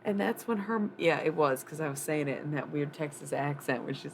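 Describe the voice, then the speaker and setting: A woman's voice: low voice, a little fast, hardly any pauses, slight background noise, rough recording. A woman livestreaming a casual psychic reading. She rambles loosely, swears freely and thinks aloud with lots of fillers. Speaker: live streamer giving a psychic reading. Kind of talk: casual live-stream chat.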